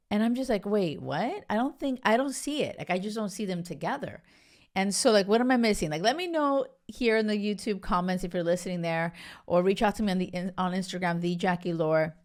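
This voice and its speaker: A woman's voice: on the low side, darkish tone. A young woman hosting a podcast, chatting casually and gushing, full of "like" and "you guys". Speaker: podcast host. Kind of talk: casual chat reviewing a reality show.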